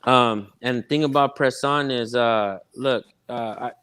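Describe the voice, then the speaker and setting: Male guest, smooth resonant voice, relaxed, slangy, full of fillers. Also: mid-range voice, measured pace, dry recording. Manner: laid-back, heavy fillers, slangy. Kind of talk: casual livestream chat.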